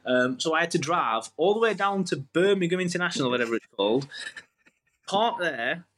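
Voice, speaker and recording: A man, a podcast guest telling rambling, animated stories in casual chat. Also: fairly high pitch, a little fast. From England. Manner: animated, rambling, self-interrupting.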